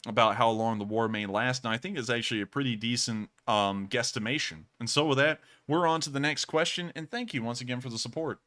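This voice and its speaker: A man's voice: medium pitch, sharp tone. A man hosting a livestream, talking casually and earnestly in long rambling sentences with frequent thanks to viewers. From United States. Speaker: livestream news host.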